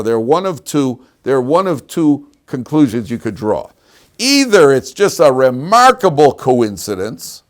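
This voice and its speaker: A man teaching a lively class as a rabbi, telling stories and laughing at his own anecdotes. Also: mid-range voice. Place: yeshiva classroom.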